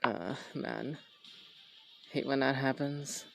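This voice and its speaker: A man's voice: mid-range voice, steady tone, takes it slowly, gravelly, fairly bright tone, faint music behind, rough recording. A man hosting a casual chat, joking and correcting himself in an offhand way. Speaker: host.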